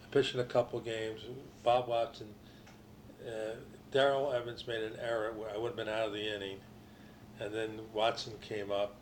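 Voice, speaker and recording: A man's voice: lowish voice, flat delivery, normal speed, a little hiss or hum. An older man, a former ballplayer, telling long anecdotes in a casual interview, with restarts and quoted voices.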